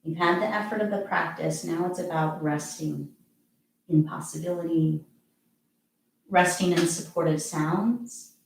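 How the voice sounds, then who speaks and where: A woman yoga teacher guiding a relaxation with soft, calm, encouraging cues. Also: on the low side, unhurried, gravelly, a little hiss or hum. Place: practicing at home. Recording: very echoey room, distant mic, music behind.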